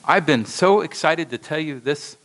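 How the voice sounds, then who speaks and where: Man preaching with animated storytelling. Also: on the high side, moderate pace, low-quality recording. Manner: animated storytelling with acted quotes. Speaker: pastor. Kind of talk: sermon. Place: church.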